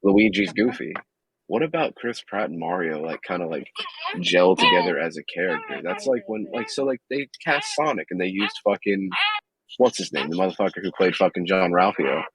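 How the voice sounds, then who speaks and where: Blunt, deep-voiced man calling in from a car. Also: animated, moderate pace, a bit bright, rough recording. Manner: blunt, profane. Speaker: podcast co-host. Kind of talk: casual chat. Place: parked car.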